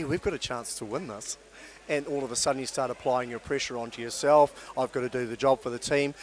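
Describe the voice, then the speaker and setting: A man with a New Zealand accent giving chatty live sports commentary, with many fillers and restarts. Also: mid-range voice.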